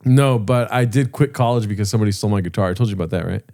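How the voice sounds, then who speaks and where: A man's voice: on the low side, racing, a little mellow, no echo, clean studio sound. A young man co-hosting a podcast, telling casual stories and laughing often. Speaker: podcast co-host. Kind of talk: casual comedic chat.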